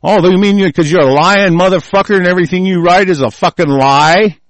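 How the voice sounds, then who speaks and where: A man's voice: sits high, fast talker, dry recording. A man hosting a talk show, delivering a furious, profane and confrontational political rant.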